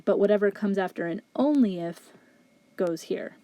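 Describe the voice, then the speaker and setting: A woman's voice: mid-range voice, normal speed, dark tone, no echo. A woman teaching logic, methodically working through exam questions step by step and thinking aloud in a recorded lecture. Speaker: philosophy instructor.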